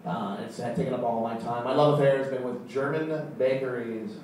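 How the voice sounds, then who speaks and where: A man doing a stand-up comedy set on a club stage, deadpan and halting, with many fillers. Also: mid-range voice. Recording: echoey room, far from the mic, faint crowd noise.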